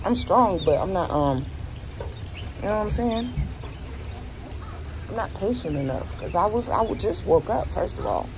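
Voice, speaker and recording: Low-voiced woman venting in a vlog. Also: noisy background. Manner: candid, venting, talks straight to the camera. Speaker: vlogger. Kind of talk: casual vlog chat.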